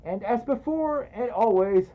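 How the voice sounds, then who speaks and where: A male streamer in a fursuit reads donations aloud during a casual indoor livestream, giggling and making playful, self-deprecating remarks. His pitch is extremely high, his intonation lively, and his pace a little slow, all heard through muffled sound.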